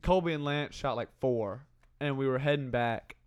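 A man's voice: medium pitch, moderate pace, clean tone. A young man casually telling rambling hunting stories among friends, laughing often.

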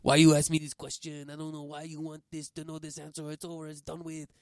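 A man's voice: fairly high pitch, completely flat delivery, quick pace, darkish tone, clean tone, no echo, studio quality, natural voice. A man putting on a generic French man's accent, irritated.

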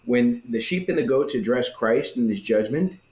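A man in a casual religious discussion who talks in an animated way and acts out the voices he quotes. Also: mid-range voice, normal speed. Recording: roomy echo.

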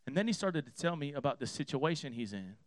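A man preaching a sermon in a church, telling a personal story with emphatic repeated phrases, swinging from hushed to loud. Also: on the high side, big pitch swings, fast talker, no room sound, studio quality. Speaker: pastor.

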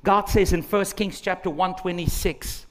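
A middle-aged male pastor preaching a sermon, animated, acting out quotes with big swings from quiet to loud. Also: sits high, moderate pace. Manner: animated, dramatic swings in loudness, acts out quotes.

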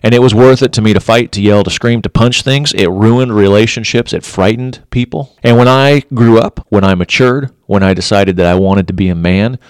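A middle-aged man with a lowish voice talks straight to the listener about relationships, drawing on his years as a police officer. He is blunt and emphatic and hammers home his points by saying them twice. The sound is dry and close, with no room around it. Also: moderate pace, few pauses, smooth, dry recording. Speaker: former police officer giving relationship advice. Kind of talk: earnest direct-to-camera advice talk.

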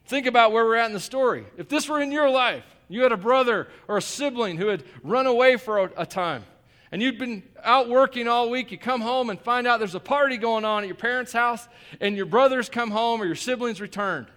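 High-voiced pastor preaching conversationally. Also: male voice, brisk, a bit bright. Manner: conversational, joking asides, emphatic repetition. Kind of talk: sermon.

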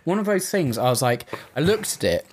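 A man's voice: a little high, big pitch swings, fairly quick, a little hiss or hum. A man co-hosting a casual chat podcast, rambling through stories, laughing often and acting out what people said. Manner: rambling storyteller, laughs often, acts out quoted voices. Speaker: podcast co-host.

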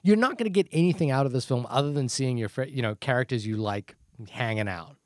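A man's voice: medium pitch, fast talker, a little mellow, no room sound, clean studio sound. A man with a New Zealand accent co-hosting a casual movie podcast, laughing often and talking in restarts. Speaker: podcast co-host.

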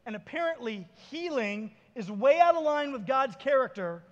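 A man's voice: very high voice, lively intonation, normal speed, lo-fi sound. A male pastor preaching a sermon, telling stories animatedly and acting out the voices of the people in them. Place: church sanctuary. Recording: reverberant church hall.

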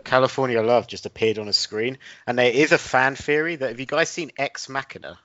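Deadpan man spinning silly tales. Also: medium pitch, fairly quick, no echo, dull audio. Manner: deadpan absurd storytelling. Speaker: podcast host. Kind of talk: casual comedic chat.

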